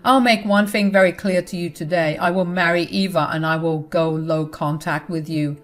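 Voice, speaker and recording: A woman's voice: on the low side, steady tone, normal speed, soft background music, natural voice. A young adult son speaks with firm, cold disgust toward his mother, voiced by a woman narrator. He is resolute and clipped. It is a storybook narration.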